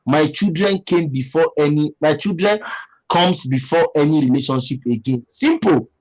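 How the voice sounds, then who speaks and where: A man's voice: on the high side, lively intonation, moderate pace, darkish tone, dull audio. A man with a Nigerian English accent hosting a casual livestream, reading out comments and giving emphatic, repetitive advice. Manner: preachy, emphatic, repeats himself. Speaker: livestream host.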